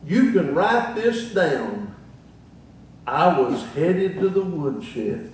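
A man's voice: on the high side, very animated, drawn-out words, heavy reverb, far from the mic, low-quality recording. An older man preaching a sermon in a folksy way, chuckling at his own jokes between scripture quotes.

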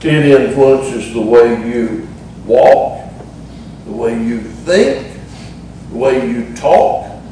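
Preaching in a church sanctuary, a middle-aged man with a Southern Appalachian accent delivers a folksy, funny sermon and stretches words out for emphasis. His mid-range voice is warm with lively intonation, extremely slow, and full of pauses. The distant mic picks up the church's echo and a bit of hiss or hum.

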